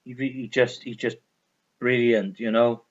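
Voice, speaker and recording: A man's voice: medium pitch, level tone, unhurried. A man chatting casually about his records, enthusiastic and rambling, often repeating himself. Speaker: vinyl collector vlogger. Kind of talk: casual record review chat. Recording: dull lo-fi recording.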